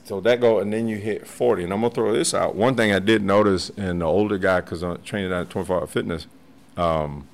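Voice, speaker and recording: A fairly low-pitched man, heard with slight background noise, is a martial arts master guesting on a podcast. In his forties or older, he tells stories casually, cursing freely, animated and laughing often.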